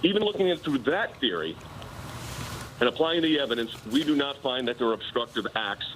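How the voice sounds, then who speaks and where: A man's voice: medium pitch, expressive, fairly quick, noisy background. A man, a personal attorney, arguing his case insistently in a live TV news interview. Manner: insistent, argumentative legal explanation.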